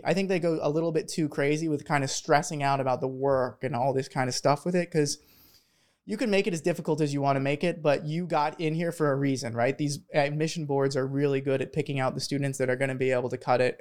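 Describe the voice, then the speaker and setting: A young man from Philadelphia, a medical student telling his story as an interview guest, talking fast and animated with restarts. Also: fairly high pitch.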